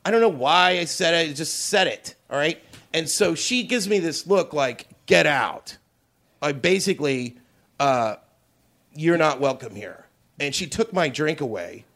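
A man's voice: a little high, expressive, normal speed, fairly bright tone. A male comedian telling a story in casual chat, blunt, profane and defensive. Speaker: comedian guest.

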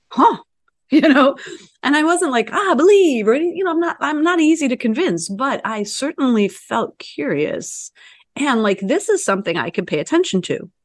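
A woman's voice: medium pitch, dry recording. A middle-aged woman telling a casual, chatty story, often saying "you know" and acting out quoted lines. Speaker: Reiki practitioner telling her story.

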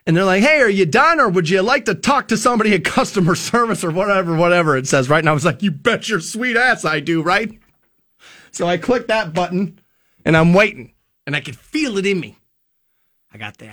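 A male radio host with a high, ringing voice that swoops all over as he talks. He tells a personal story in a loose, chatty way, acting out each side of a phone call and swearing freely. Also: sharp tone.

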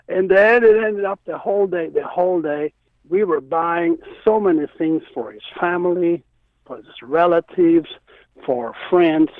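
Man telling stories over the phone, lively, kinda high pitched, dry phone sound. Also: no room sound. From Israel. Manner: animated, acts out quotes. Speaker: guest musician. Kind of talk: storytelling interview. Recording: tinny phone line.

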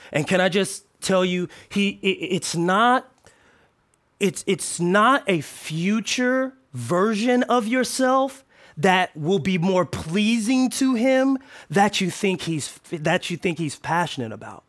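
A man with a high, light voice preaches with playful energy. He drops to near-whispered asides, then climbs into sudden shouts. His delivery is lively and conversational, like he's talking right to the congregation. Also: slow. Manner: animated, playful, swings from quiet to shouting. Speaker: pastor. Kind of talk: sermon.

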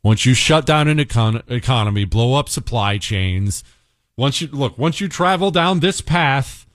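A man's voice: medium pitch, animated, measured pace, dry recording, clean studio sound. A male host giving an urgent, exasperated political commentary monologue, hammering key phrases by repeating them.

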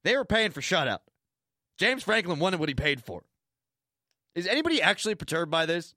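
A man's voice: high voice, big pitch swings, fairly quick, bright, forceful tone, no echo, studio quality. A man hosting a sports talk radio show, ranting and sarcastic, repeating lines for emphasis.

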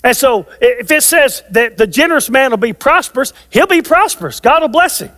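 An older man in his sixties preaches with a strikingly high voice, hammering home his points by repeating them. His words ring out with a long reverb, as if from a large hall. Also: expressive, brisk, pushed and bright. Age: 60s. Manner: emphatic, repeats key phrases for stress. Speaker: pastor. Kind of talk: sermon.

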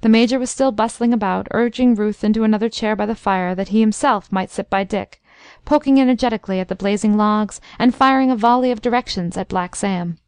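A woman narrating a classic story in a measured, expressive reading. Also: medium pitch, clear, resonant tone, dry recording. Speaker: audiobook narrator. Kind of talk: scripted narration.

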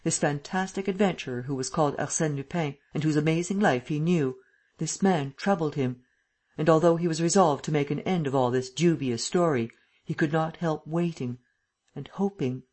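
Husky-voiced audiobook narrator. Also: medium pitch. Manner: steady, measured storytelling.

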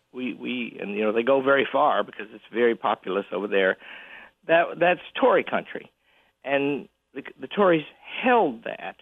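Gravelly older man on a tinny phone line. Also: medium pitch, no echo. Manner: chuckling, halting with many restarts. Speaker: guest, college president. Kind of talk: phone-in radio interview.

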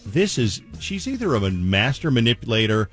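A man hosting a radio call-in show, animated and incredulous as he recaps a caller's story. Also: mid-range voice, moderate pace, soft background music. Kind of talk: casual radio chat.

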